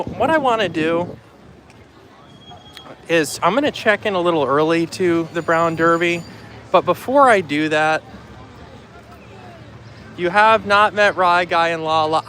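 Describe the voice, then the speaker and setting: A man's voice: fairly high pitch, sharp tone, a little hiss or hum. A man hosting a casual live vlog outdoors in a theme park. He chats freely on a handheld phone and greets viewers by name as he walks. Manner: chatty, greets viewers by name while walking. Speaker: livestream host.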